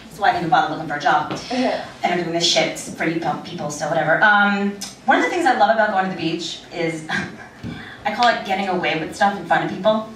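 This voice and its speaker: A woman's voice: on the low side, a little fast, a bit bright. A woman in her thirties doing a crude, rambling stand-up set in a small club, laughing at her own jokes. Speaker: stand-up comedian. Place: small club with a live audience. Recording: echoey room recorded from far off, crowd noise. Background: audience chatter and laughter.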